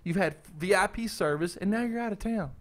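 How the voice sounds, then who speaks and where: A man hosting a casual group chat, talking excitedly and pitching wild schemes in slangy speech. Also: brisk.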